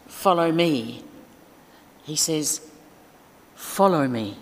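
Low-voiced woman preaching in a reverberant church. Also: slight background noise. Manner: chatty, informal, with fillers and asides. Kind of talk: sermon.

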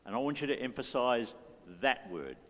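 A man's voice: medium pitch, big pitch swings, normal speed, a crowd in the background. A man leading a church service in a playful, joking way, coaxing the congregation to join in. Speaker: worship leader. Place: church hall. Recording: reverberant church hall with faint music.

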